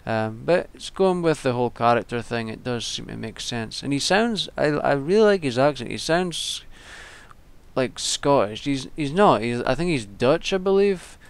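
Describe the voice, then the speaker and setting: A man's voice: mid-range voice, expressive, moderate pace, creaky, clear, resonant tone. A young man giving casual, rambling solo commentary, with frequent ums and restarts. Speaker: wrestling vlogger.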